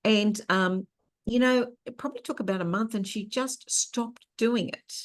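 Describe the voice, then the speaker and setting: A woman's voice: mid-range voice, moderate pace. A middle-aged woman hosting an online workshop, teaching in a conversational way and telling personal stories. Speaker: workshop host and therapist.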